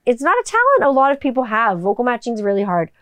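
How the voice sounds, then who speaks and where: A woman's voice: on the high side, wildly swooping pitch, fast talker, a bit bright, no room sound. A middle-aged woman hosting her own podcast, rambling casually and swearing freely as she signs off. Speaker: podcast host. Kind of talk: casual podcast sign-off chat.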